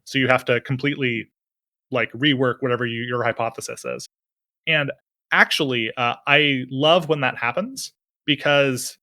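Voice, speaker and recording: A man talks through tabletop game rules in a loose, enthusiastic way, with plenty of fillers. His tone is bright and forward. The sound is close and dry. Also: mid-range voice, dry recording. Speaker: podcast co-host explaining game rules. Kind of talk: casual explanatory chat.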